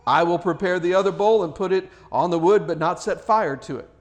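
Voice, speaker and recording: A male pastor with a high, brisk voice reads scripture, prays, and preaches an earnest sermon. Speaking freely, he repeats words and lifts his voice whenever he quotes someone crying out.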